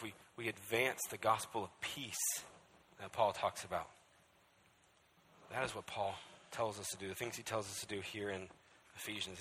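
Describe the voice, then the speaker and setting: A man's voice: on the low side, sharp tone, a little hiss or hum. A male pastor preaching a sermon with emphasis, often checking in with the crowd by asking "right?". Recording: echoey hall.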